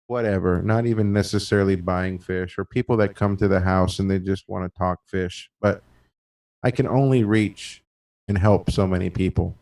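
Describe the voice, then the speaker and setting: Choked-up man, earnest and halting. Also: deep voice, fairly even intonation, a little mellow. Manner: earnest, halting, repeats words. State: choked up with emotion. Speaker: fish breeder and show host. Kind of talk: casual chat.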